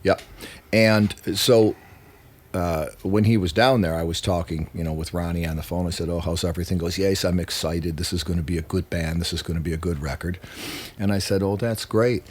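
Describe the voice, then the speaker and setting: Low-voiced male musician guest, casual and profane, animated storyteller. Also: a little fast. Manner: animated, swears freely, acts out quotes.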